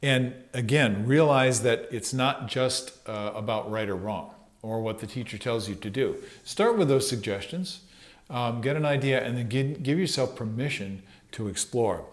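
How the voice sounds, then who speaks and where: A man's voice: mid-range voice, normal speed. A man giving a casual trumpet lesson, thinking aloud with fillers and sometimes singing syllables to show phrasing. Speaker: trumpet teacher.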